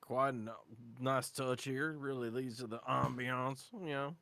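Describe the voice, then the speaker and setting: A man's voice: medium pitch, flat delivery, a little slow, vocal fry, a crowd in the background. A man playing a tabletop game in casual chat, joking and often calling others "mate". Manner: joking, says "mate" a lot. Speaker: player.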